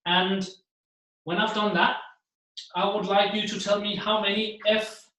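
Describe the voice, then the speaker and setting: Brief: male keynote speaker, animated, slightly high voice, very echoey room. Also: a little slow. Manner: animated, acts out the voices he describes. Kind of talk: seminar talk to an audience.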